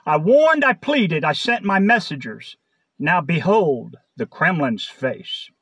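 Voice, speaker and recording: Guy giving a prophetic word, high bright voice, solemn chanting repeats. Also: big pitch swings, slow pace. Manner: solemn, chanting repetition of declarations. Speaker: prophetic speaker.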